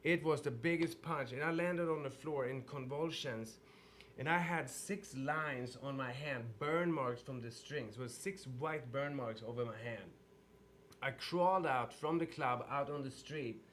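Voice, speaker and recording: A man from Sweden with a Swedish accent, a guest telling stories in a casual interview in an animated way. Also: mid-range voice, slight background noise. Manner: animated storyteller with restarts.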